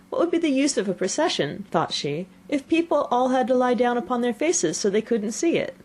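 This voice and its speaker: A woman narrating a classic children's story in a measured, expressive reading. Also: low voice. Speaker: audiobook narrator.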